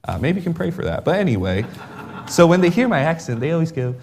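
A young man, raised in England but speaking with an American accent, preaching as a missionary in an earnest, upbeat sermon that swells to loud emphasis. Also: fairly high pitch, sing-song, quick pace, a little hiss or hum.

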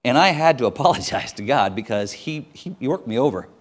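A man preaching a sermon as a missionary, telling stories with sudden swings between loud and quiet. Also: medium pitch, animated, a little fast.

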